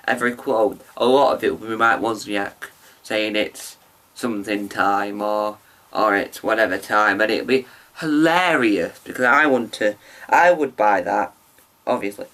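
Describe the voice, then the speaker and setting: A man's voice: mid-range voice, sharp tone. A man chatting casually into his camera mic as he reviews a show, rambling with ums and restarts.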